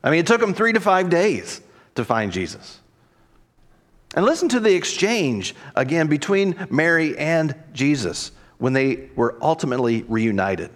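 A man's voice: a little high, very animated, normal speed. A man, a pastor, delivering a reflective sermon and voicing quoted dialogue expressively.

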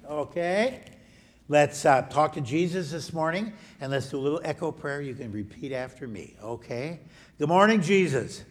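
A man, a pastor, gently leading a children's message during a church service. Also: a little high. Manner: gentle, coaxing, talks to children. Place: church sanctuary.

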